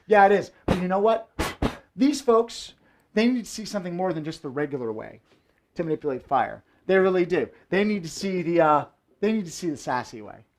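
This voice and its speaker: A man with a high, sing-song voice talks a little fast as he hosts a live variety show from a room in his home. He's the host and fire performer, joking through his fire tricks with playful, theatrical asides.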